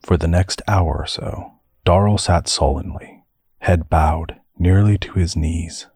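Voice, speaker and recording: A man narrating a fantasy audiobook story in a measured storytelling way. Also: deep voice, a little mellow, slightly rough, no echo, faint music behind.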